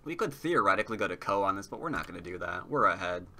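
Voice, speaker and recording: A man's voice: deep voice, expressive, fast talker, sharp tone. A man giving casual commentary while playing a board game online, chatty and muttering to himself, sometimes humming as he thinks.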